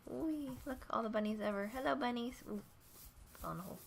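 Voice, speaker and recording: Her voice is on the high side with vocal fry, and she talks a little fast. As a gaming creator, she plays and chats playfully to the animals in the game, recorded in a noisy home environment.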